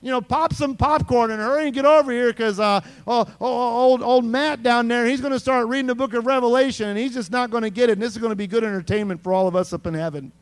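A man's voice: very high-pitched, moderate pace, hardly any pauses. A man voicing God as a giddy, teasing figure calling out to his angels. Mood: gleeful. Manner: giddy, excited, calls out to angels. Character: gleeful male God mocking confused readers.

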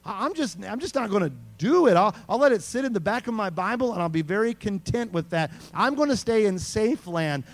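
A man's voice: high-pitched, expressive, a little fast, hardly any pauses. A man voicing a nervous churchgoer who stammers and hedges. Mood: reluctant. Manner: stammering, hesitant. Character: nervous male churchgoer avoiding a hard book.

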